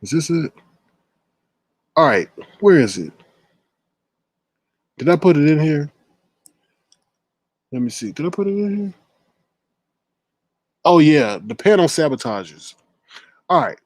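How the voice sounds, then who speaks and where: A man's voice: a little high, big pitch swings, darkish tone, no echo. A man hosting a live-stream commentary show, talking in a chatty, opinionated way. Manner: chatty, opinionated, quick to laugh. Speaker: host.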